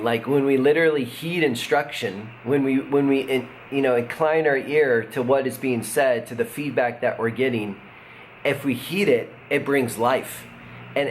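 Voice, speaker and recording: Relaxed man giving a casual devotional. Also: mid-range voice. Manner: relaxed, conversational, with many fillers and chuckles. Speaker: pastor. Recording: faint background noise.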